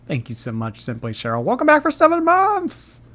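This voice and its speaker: A man's voice: very high-pitched, wildly swooping pitch, normal speed, bright, forceful tone. A man hosting a livestream, reacting with amusement and thanking viewers for their messages. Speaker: streamer host.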